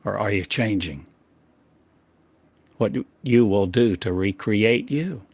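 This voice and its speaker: A man delivering a channeled sermon as a spiritual teacher, declaiming rhetorical questions in short, broken phrases that swing between loud emphasis and quiet low drops. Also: slow, slightly rough, no room sound.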